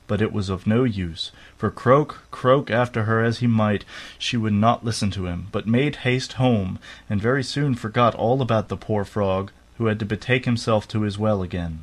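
A man narrating a fairy tale aloud in a steady, unhurried storytelling manner. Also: on the low side.

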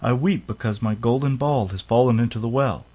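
A man's voice: mid-range voice, fairly quick, darkish tone, natural voice. A man voicing a spoiled, fretful young princess in a storybook reading. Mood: eager.

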